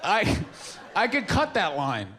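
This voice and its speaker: A man tells a rambling, self-deprecating stand-up story, his pitch swinging widely as he goes. His voice sits on the higher side, over faint room noise. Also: huge pitch swings, slow pace, pushed and bright, a faint crowd. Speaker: stand-up comedian. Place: stage with a live audience. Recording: live stage recording with faint room noise.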